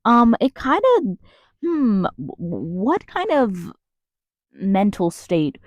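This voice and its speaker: A young woman from the United States rants angrily into her vlog camera in her closet, swearing and rambling through many restarts. Her mid-range, slightly mellow voice is sing-song, with drawn-out words. The recording is dry and of studio quality.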